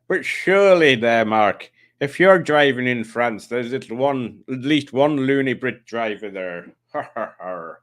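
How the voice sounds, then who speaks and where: Bloke on a live stream, chatty and jokey, reading out comments and messing about. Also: male voice, mid-range voice, animated, measured pace, fairly bright tone. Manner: chatty, jokey, does silly voices for commenters.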